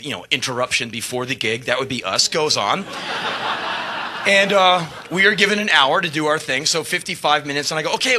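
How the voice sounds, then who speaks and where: A man, a touring rock musician, telling a backstage anecdote with animated, profane energy, acting out scenes. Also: medium pitch. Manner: animated, swearing, acts out scenes, bursts of laughter and shouts. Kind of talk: storytelling anecdote.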